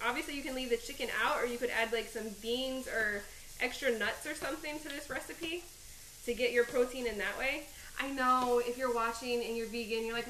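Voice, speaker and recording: A woman's voice: fairly high pitch, bright, forceful tone, roomy sound, slight background noise, low-quality recording. A woman hosting a live home cooking stream, chatting and rambling as she chops, teary-eyed from onions. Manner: chatty and rambling, laughing at herself. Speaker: cooking show host. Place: home kitchen.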